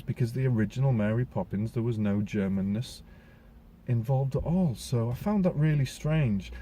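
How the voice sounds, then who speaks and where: Rambling man with a low, mellow voice. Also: a little hiss or hum. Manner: rambling, restarts words, many fillers. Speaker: film reviewer, podcast host. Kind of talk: casual spoken film review.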